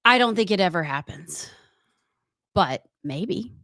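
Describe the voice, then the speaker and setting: A woman, co-hosting a casual talk radio show and reading out news items with animated, laughing banter. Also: fairly low pitch, unhurried, gravelly, dry recording, studio quality.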